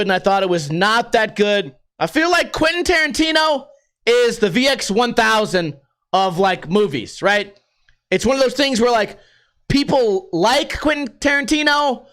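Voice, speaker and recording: A man's voice: fairly bright tone, smooth. A young man hosting a podcast, ranting in a casual, profane, rambling way. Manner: profane, rambling, swings pitch for emphasis. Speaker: podcast host. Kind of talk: casual rant.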